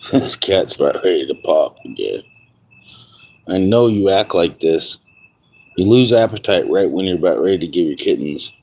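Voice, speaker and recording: A man's voice: deep voice, warm tone, breathy edge. A tipsy man rambling and swearing through a casual livestream outdoors at home, chuckling to himself. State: intoxicated.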